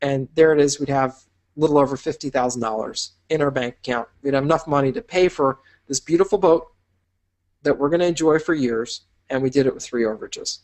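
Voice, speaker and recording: A man's voice: mid-range voice, a little fast, darkish tone. A man teaching a business course in an upbeat, encouraging way, painting vivid imagined scenes for the listener. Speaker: business instructor. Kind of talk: motivational teaching talk.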